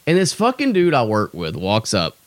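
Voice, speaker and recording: Young guy ranting on his podcast, swearing a lot, pitch all over the place, dead dry mic. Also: huge pitch swings, normal speed, no echo. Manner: profane, exasperated, self-deprecating. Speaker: stand-up comedian and podcast host. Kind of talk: ranting casual monologue.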